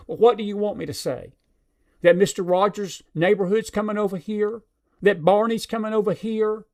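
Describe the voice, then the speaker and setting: A man with a notably high-pitched voice hosts a streamed talk show. He talks straight to his audience in an emphatic, preacher-like rant. He repeats phrases for effect and often restarts his sentences with fillers. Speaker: show host. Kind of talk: live-stream commentary talk.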